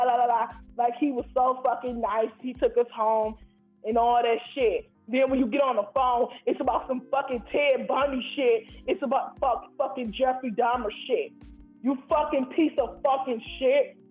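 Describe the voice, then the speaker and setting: A man from Ohio calls in and rants in a heated, profane, rambling way. His voice sits very high. It comes through a tinny, echoey phone line. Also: steady tone, normal speed, soft background music. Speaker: caller. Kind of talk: angry call-in rant. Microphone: phone call.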